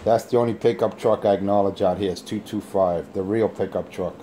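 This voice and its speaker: A low-voiced man with a dark, mellow tone keys up his handheld radio mic to taunt the other operators. He boasts, mocks and drags his words out in a lazy drawl, sounding completely sure of himself. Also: steady tone, a little fast, a little hiss or hum. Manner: boastful, taunting trash talk. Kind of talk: on-air radio banter.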